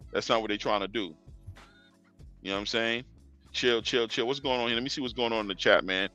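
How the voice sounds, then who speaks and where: Slangy man with a bright voice. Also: mid-range voice, brisk, soft background music. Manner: slangy, talks straight to fighters, chuckling asides. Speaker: boxing show host. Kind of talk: casual live-stream talk.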